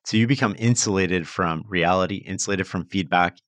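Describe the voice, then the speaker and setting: Deep-voiced guy on a podcast, earnest and explaining, lots of "like", dry close sound. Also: fairly quick, a bit bright, no room sound. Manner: earnest, explanatory, uses many fillers like "like" and "sort of". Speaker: podcast guest. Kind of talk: conversational advice.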